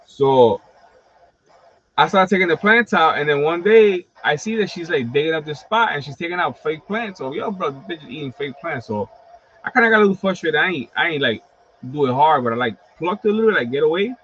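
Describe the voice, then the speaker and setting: A man's voice: on the high side, fast, slightly rough. Chatty man telling stories on a livestream. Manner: animated, profane storytelling with lots of fillers. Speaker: host of a wrestling collectibles livestream. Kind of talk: casual livestream chat. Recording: slightly dull lo-fi stream audio.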